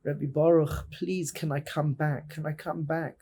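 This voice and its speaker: A man acting out a broken, pleading male disciple in a sermon story, halting and anxious. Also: on the high side, little pitch movement, mellow, slight background noise.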